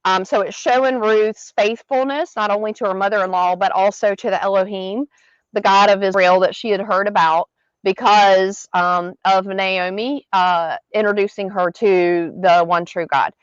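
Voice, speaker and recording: A woman's voice: mid-range voice, steady tone, moderate pace, smooth, no room sound. A woman hosting a casual Bible study outdoors in a garden, reading verses and then explaining them in chatty everyday words. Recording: dull lo-fi dry sound.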